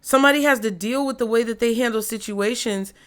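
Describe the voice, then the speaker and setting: A woman's voice: on the high side, fairly quick. Blunt woman giving a tarot reading. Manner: blunt, frank, swears freely. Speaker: tarot reader.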